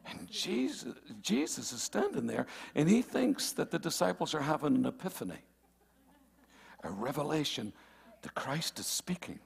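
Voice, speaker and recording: Brief: a slow-speaking pastor with a lively, high-ish voice, playful and emphatic in his sermon. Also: gravelly. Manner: playful, teasing the congregation, rising to emphatic shouts. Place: church.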